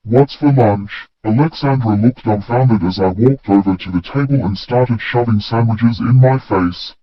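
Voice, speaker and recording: A man reading a first-person story in a plain, steady way. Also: medium pitch, moderate pace. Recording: dull, dry lo-fi recording.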